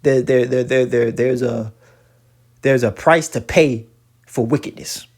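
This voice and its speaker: A man's voice: medium pitch, a little slow, darkish tone, breathy edge. A man giving profane, preachy religious commentary while reacting to a video, talking emphatically with many stammered restarts.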